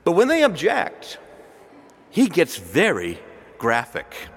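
Animated male preacher in a reverberant hall. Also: fairly high pitch, slow pace, slightly rough. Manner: animated, conversational storytelling with quoted dialogue. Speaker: Catholic preacher. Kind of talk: sermon.

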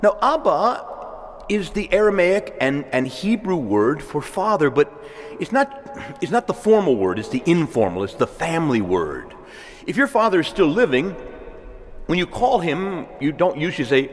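A male priest giving a sermon in a conversational way, with asides and soft laughs. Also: on the high side, big pitch swings, moderate pace. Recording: long reverb of a church hall.

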